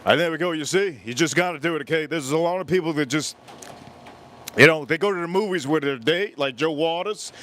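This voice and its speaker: A man hosting a live cooking stream outdoors at a grill, chatting in a rambling, joking way that breaks into shouted bits. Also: fairly high pitch, brisk. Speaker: livestream cooking host.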